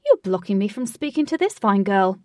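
A woman doing a shy, excitable man. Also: mid-range voice, a little fast, no room sound, studio quality, distant mic, close to an everyday voice. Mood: eager. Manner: bashful, then over-eager.

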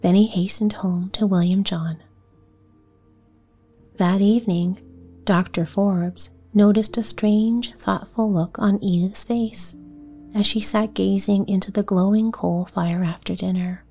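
A woman narrating a bedtime story in a soft, half-whispered, soothing way. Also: medium pitch, steady tone, slightly rough, soft background music. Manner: soft, slow, partly whispered. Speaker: podcast host, bedtime story reader.

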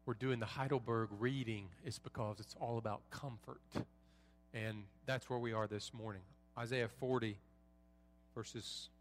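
Pastor preaching with earnest warmth. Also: male voice, medium pitch. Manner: earnest, measured, with folksy asides. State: a bit under the weather. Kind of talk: sermon with scripture reading and prayer. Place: church sanctuary.

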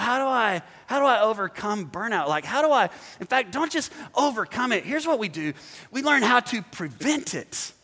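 A man preaches a sermon with a high, bright voice and a gravelly edge. He keeps calling on the congregation to repeat and answer him. The sound rings with long reverb from a large church hall. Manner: preaching to a congregation, calls for responses. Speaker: pastor.

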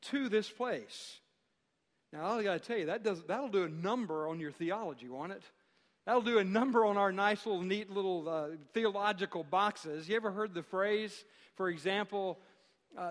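A man preaching a sermon as pastor, speaking emphatically with dramatic pauses and rhetorical questions. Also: sits high, animated, long reverb tail.

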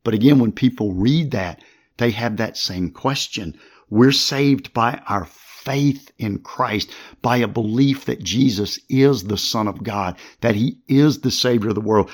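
A male podcast host with a mid-pitched voice teaches from the Bible, moving through each passage step by step. He reads verses aloud along with their chapter and verse references, in a conversational, explanatory manner.

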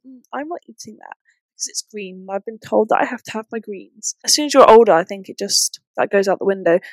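A woman's voice: fairly high pitch, dry recording. A woman co-hosting a podcast, chatting casually with short reactions and asides. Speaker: podcast co-host. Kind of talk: casual chat.

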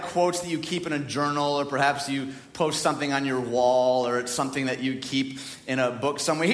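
A man's voice: on the high side, a bit bright. A man pastor giving a sermon, joking and chatting with the congregation between readings. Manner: jokey, conversational preaching with asides to the congregation. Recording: echoey hall from far off.

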